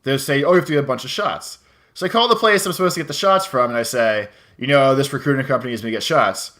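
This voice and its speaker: Casting note: young male podcast co-host, quick and lively delivery, bright voice, swears freely while venting. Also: medium pitch. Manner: ranting, swears a lot, mimics people in quotes. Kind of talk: casual podcast chat.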